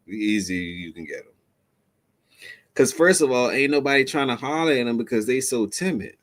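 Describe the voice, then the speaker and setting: A man hosting a reaction show, giving animated, slangy advice straight to his male viewers. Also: medium pitch, fairly quick. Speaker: host reacting to a clip. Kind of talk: commentary to camera.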